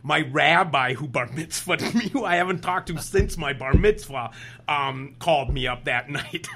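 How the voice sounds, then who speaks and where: A man's voice: a little high, moderate pace. A man in his fifties from Wisconsin, telling stories animatedly as an interview guest and acting out other people's lines. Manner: lively, animated storyteller who acts out other people's lines. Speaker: guest, state senator and former teacher. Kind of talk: animated storytelling in a conversational interview.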